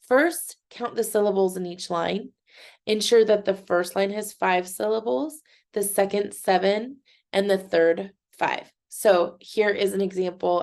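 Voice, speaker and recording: Slow-spoken woman teaching a lesson. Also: medium pitch, steady tone, a little mellow. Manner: slow, clear, encouraging teacher talk, clapping out syllables. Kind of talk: recorded lesson for children.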